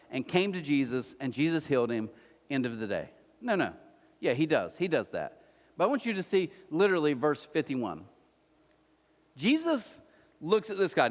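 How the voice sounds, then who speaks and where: Man, pastor, casual sermon, acts out scenes, slightly high voice, long church reverb. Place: church auditorium.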